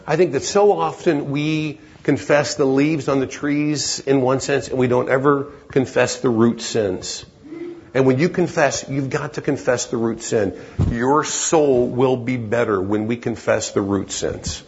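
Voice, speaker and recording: A man's voice: mid-range voice, fairly even intonation, unhurried, darkish tone, dull audio. A man preaching a sermon in an earnest, emphatic way that climbs into urgent pleading.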